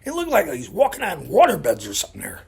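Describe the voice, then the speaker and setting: A man tells a rambling story for his vlog, chatty and full of asides. His voice is very raspy and gravelly, and his pitch swings widely as he talks. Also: huge pitch swings, quick pace, a little mellow. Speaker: vlogger. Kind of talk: casual storytelling. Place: Illinois.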